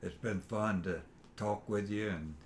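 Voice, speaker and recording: An older man, reminiscing in a halting, rambling way with fillers while his son interviews him. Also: fairly low pitch, slight background noise. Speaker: father being interviewed. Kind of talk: casual family interview.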